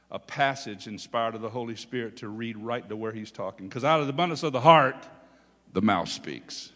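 A man's voice: medium pitch, a bit bright. A male pastor preaching a chatty, folksy sermon, often checking in with his listeners. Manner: folksy, chatty, often asks "okay?" and chuckles. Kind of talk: conversational sermon. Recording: long hall reverb.

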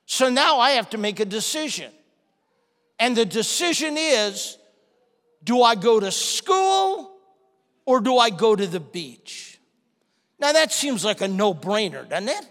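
A man preaching a sermon, telling a story and acting out the people in it with animated delivery. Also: very high voice, takes it slowly. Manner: animated, acts out quoted people. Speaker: pastor. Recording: long hall reverb.

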